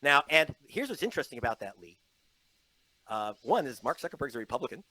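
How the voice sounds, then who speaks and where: A man's voice: medium pitch, big pitch swings, fast, bright, forceful tone, low-quality recording. A man speaking as a journalist guest in an interview, emphatic and storytelling, slipping into mocking quoted voices. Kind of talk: animated interview talk. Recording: played from an online interview.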